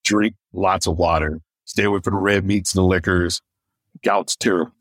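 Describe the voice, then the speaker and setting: A stand-up comedian from Michigan telling personal stories in an interview and acting out what other people said. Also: male voice, deep voice, moderate pace, no echo. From Michigan, USA. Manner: animated anecdotes, acting out others' lines; deaf in one ear. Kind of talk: storytelling in a podcast interview.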